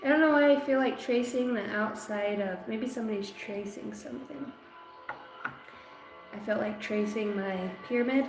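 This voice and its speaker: A woman in her thirties gives a casual livestream card reading, greeting viewers with playful, profane banter. Her voice sits fairly high. The room rings with echo, and faint music plays behind her. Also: normal speed, creaky. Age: 30s. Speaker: tarot and oracle card reader.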